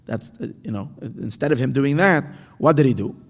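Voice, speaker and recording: A man reading and explaining a parable, halting often and restarting his words. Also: mid-range voice, expressive. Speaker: teacher. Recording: echoey hall with long reverb.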